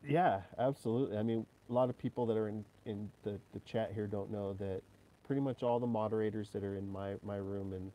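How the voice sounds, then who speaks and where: A man's voice: on the low side, fairly even intonation, brisk, highs cut off. A man hosting an interview, asking rambling questions in a casual, chatty way. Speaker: host. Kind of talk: casual chat.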